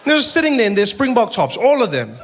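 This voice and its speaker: A man performing a stand-up comedy set, telling stories in an animated way with stammered restarts. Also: very high-pitched, fast talker, very noisy. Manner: animated storytelling, stammering restarts, acting out voices.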